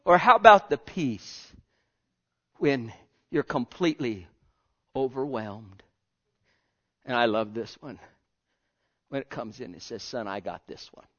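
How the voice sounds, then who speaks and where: A man preaching a sermon with passion, swinging between loud pleading and hushed, almost whispered lines. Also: medium pitch, unhurried, pauses often. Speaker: pastor. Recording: lo-fi dull sound.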